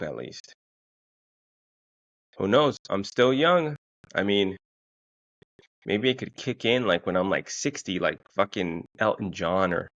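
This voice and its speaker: A low-voiced man, telling a story on his own podcast. He swears freely and jumps up in pitch to act out what he said. The sound is a bit dull and lo-fi. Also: creaky, no echo. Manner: profane storytelling, quoting himself in a raised, excited voice. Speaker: podcast host. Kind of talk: casual solo monologue.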